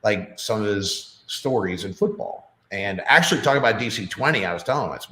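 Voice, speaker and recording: A man's voice: fairly low pitch, lively intonation, brisk, bright, forceful tone, slight background noise. A middle-aged man talking as a podcast guest in a casual, rambling way with lots of fillers. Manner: rambling, chatty, many fillers. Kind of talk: casual chat. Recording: roomy echo.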